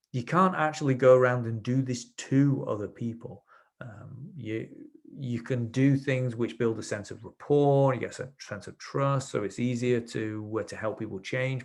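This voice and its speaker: A man's voice: medium pitch, vocal fry. A man teaching a webinar as a trainer, explaining his ideas through anecdotes from his sessions, with frequent restarts. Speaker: NLP trainer. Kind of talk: webinar lecture.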